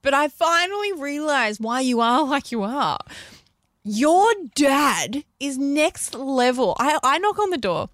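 An Australian woman in her thirties, hosting radio banter and spinning a story with lots of energy. Her voice sits fairly high and jumps up and down a lot. The studio sound is dry and close. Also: no echo. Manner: animated storytelling, quick to laugh. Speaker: radio host. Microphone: studio mic.

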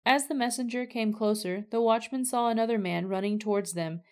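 A woman reading scripture aloud for a devotional podcast in a clear, steady way. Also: a little high, a little fast. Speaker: scripture reader.

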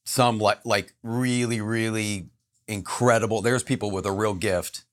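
A man's voice: on the low side, steady tone, measured pace. A man telling a personal story as a podcast guest, earnest and emphatic.

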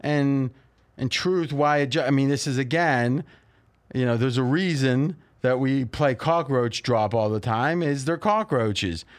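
A man's voice: medium pitch, unhurried. Male sports talk host, casual betting banter, joking, interrupts, rambling asides.

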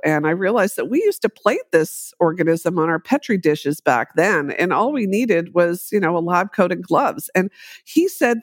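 A middle-aged woman, an epidemiologist, telling her story in a podcast interview with animated delivery and acted-out quotes. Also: lowish voice, normal speed, no echo, studio quality. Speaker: guest, infectious disease epidemiologist.

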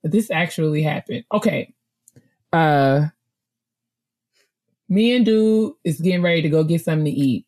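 A woman's voice: deep voice, expressive, normal speed, pauses often, darkish tone. A woman co-hosting a book club chat, talking casually, laughing often and repeating herself when she gets worked up.

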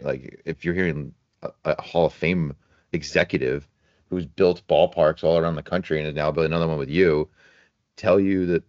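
A very deep-voiced man co-hosting a podcast, musing and teasing his partner with easy chuckles. The recording is dry and somewhat dull. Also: no echo. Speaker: podcast co-host. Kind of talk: casual chat.

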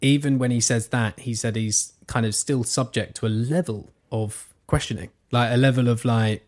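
A man's voice: medium pitch, fairly even intonation, normal speed, hardly any pauses, a little mellow. Rambling, thoughtful man from Suffolk. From Suffolk, England. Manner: thoughtful, rambling with many restarts. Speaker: podcast guest. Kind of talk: casual conversation.

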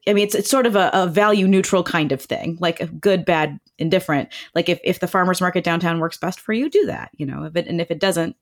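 A woman's voice: on the low side, fast talker, hardly any pauses. A woman, chatting enthusiastically as a guest about local food, with plenty of fillers. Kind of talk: casual chat.

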